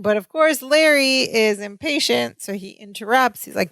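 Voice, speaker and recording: A woman's voice: on the high side, moderate pace, hardly any pauses, a bit bright, no room sound. A woman co-hosting a casual podcast, narrating a sitcom plot and acting out the characters' lines. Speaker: podcast co-host. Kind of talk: casual chat recapping a sitcom.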